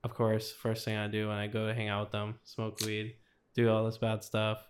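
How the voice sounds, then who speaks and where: Young male guest, flat delivery, rambling testimony, heavy "like" fillers. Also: lowish voice, normal speed, slight background noise. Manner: rambling, fills with 'like' constantly. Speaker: podcast guest. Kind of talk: casual testimony storytelling.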